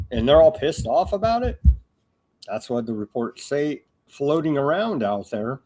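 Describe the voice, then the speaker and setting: A man's voice: fairly high pitch, lively intonation, unhurried, darkish tone, a little hiss or hum. Sarcastic man hosting a political livestream. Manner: sarcastic, mocking, with many fillers and restarts. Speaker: host of a political news commentary show. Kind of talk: live-streamed political commentary.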